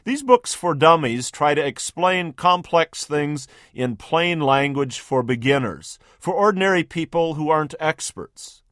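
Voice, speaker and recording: A man's voice: fairly high pitch, lively intonation, measured pace, few pauses, a bit bright, no room sound, studio quality. A man hosting a radio sermon, narrating a story vividly in the second person with emphatic, scripted delivery. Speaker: radio preacher, host.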